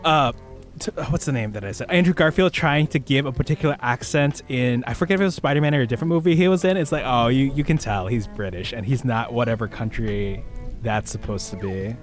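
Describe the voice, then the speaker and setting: A man's voice: medium pitch, brisk, soft background music. An American man chatting casually on a stream, meandering as he talks and reading out chat messages. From United States. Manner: lively, meandering, reads chat aloud.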